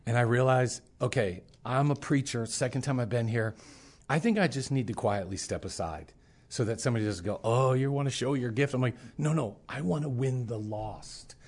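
A man's voice: mid-range voice, moderate pace. A middle-aged man, a preacher, telling a personal testimony in casual talk and acting out the voices of the people in his story. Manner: animated storyteller, acts out quoted voices.

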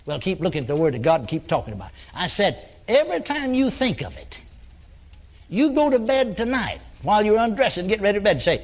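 A male preacher with a high voice that swings widely up and down as he tells stories from the pulpit. He is folksy and plain-spoken, slips into the voices of the people he prays with, and lets a chuckle in between points. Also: big pitch swings, quick pace. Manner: folksy, acts out dialogue with congregants. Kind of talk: storytelling sermon.

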